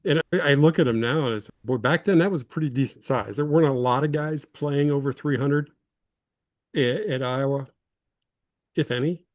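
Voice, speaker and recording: A man's voice: mid-range voice, normal speed, no room sound. A man in his fifties from Illinois, a former football lineman telling rambling, self-deprecating stories as an interview guest. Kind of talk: casual interview storytelling.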